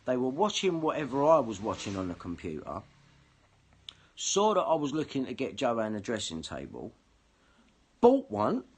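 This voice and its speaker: A man's voice: medium pitch, huge pitch swings, moderate pace, pauses often, breathy edge. A man ranting angrily and swearing in a monologue to camera. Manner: heated, sweary, confrontational. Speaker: vlogger.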